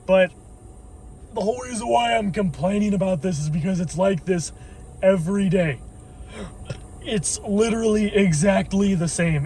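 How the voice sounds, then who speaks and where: A man vlogging from his car in a waiting line, grumbling and swearing in irritated rants. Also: sits high. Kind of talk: ranting car vlog.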